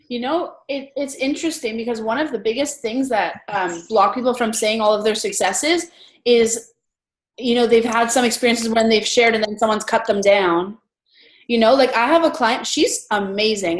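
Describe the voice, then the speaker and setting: A woman hosting an entrepreneur meetup, talking in a chatty, animated way with lots of fillers. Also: fairly high pitch, normal speed, reverberant, low-quality recording. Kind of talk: casual group chat.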